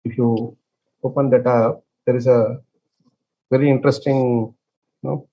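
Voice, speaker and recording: A man leading an online scripture class. He explains with many fillers and restarts and chants verses very slowly. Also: medium pitch, little pitch movement, highs cut off. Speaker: scripture study teacher.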